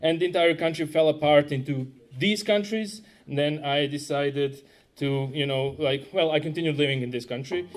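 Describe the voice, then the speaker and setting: With a fairly high voice at a normal pace, a man who works as a web developer presents at a tech conference. He keeps it conversational and pokes fun at himself, frequently asking the audience questions.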